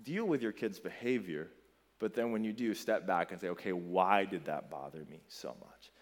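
A man in his thirties preaching a sermon in a church, conversational and animated as he tells stories and addresses parents. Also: deep voice, normal speed. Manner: conversational storytelling, animated and emphatic. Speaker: pastor.

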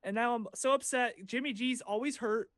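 A man's voice: very high-pitched, moderate pace, a bit bright, dry recording, clean studio sound. A young man co-hosting a casual sports chat show, playfully exasperated and mock-complaining. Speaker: podcast co-host.

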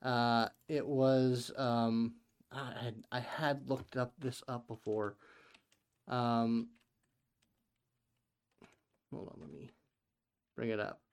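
A man's voice: medium pitch, fairly even intonation, slow, long pauses, smooth. A man running a tabletop game as game master, hesitant with many fillers.

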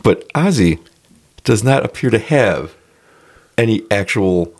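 A man co-hosting a podcast, reviewing a movie in casual chat, animated and exasperated as he tells the plot. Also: lowish voice, unhurried. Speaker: podcast co-host.

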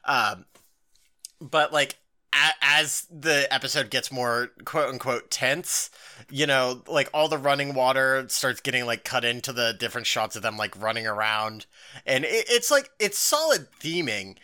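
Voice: mid-range voice, measured pace. A young adult podcast co-host in casual chat, rambling with lots of "like" and some swearing. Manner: rambling, full of "like" and swearing, animated.

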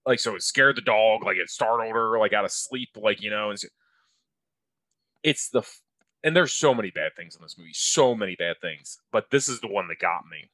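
Bright-voiced man ranting on a podcast. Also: on the low side, animated, moderate pace, dry recording. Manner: profane, exasperated storytelling. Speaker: podcast co-host. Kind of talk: casual podcast chat.

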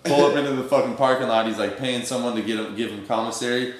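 A man's voice: mid-range voice, fairly even intonation, fast talker. A young man telling a story in casual, streetwise slang, acting out the quoted dialogue as he goes. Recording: very echoey room.

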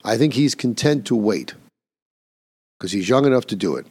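Emphatic older man with a low voice. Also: lively intonation, moderate pace, darkish tone, husky. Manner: emphatic, scornful commentary. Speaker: podcast host. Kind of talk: opinion monologue.

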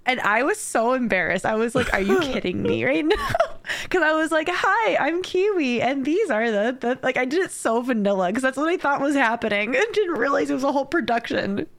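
A woman's voice: high voice, expressive, creaky, a bit bright. Playful giggly woman podcaster. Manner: playful, giggly, quick storytelling. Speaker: podcast co-host. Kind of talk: casual podcast chat.

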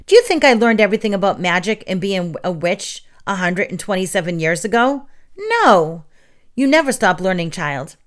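A woman voicing a very old elder witch who speaks gently but firmly. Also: mid-range voice, close to an everyday voice.

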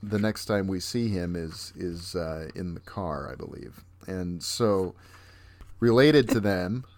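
A man's voice: low voice, takes it slowly, a little mellow, no room sound. A man co-hosting a podcast, discussing a film enthusiastically. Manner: enthusiastic, acts out quoted lines. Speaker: podcast co-host.

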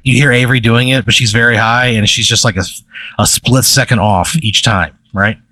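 A man's voice: medium pitch, fairly even intonation, normal speed, bright, forceful tone, no echo. A man telling a long, rambling comedic story in casual chat, full of "like" and "right?".

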